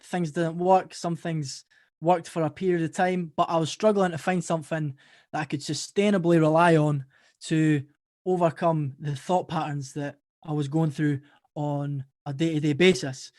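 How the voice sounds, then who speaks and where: A man's voice: on the high side, fairly even intonation, moderate pace, a little mellow, dry recording, clean studio sound. A young Scottish man talking casually as an interview guest, friendly and informal. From Scotland. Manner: informal, friendly, calls people brother and mate. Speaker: podcast host guest.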